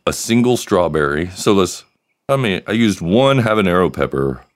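A man's voice: low-pitched, expressive, normal speed. A man hosting a live solo podcast, rambling and joking with crude humor. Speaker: podcast host.

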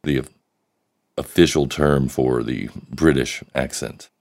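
A man's voice: steady tone, slow, creaky, darkish tone. A man hosting a podcast, chatting casually and joking around. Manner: jokey, slips into put-on British and deep voices. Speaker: podcast host. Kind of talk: casual chat.

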